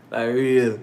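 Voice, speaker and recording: A man from Bluefields, Nicaragua, speaks with a Nicaraguan Creole English accent in a mid-range voice. In a casual, joking chat full of slang, he answers questions from viewers.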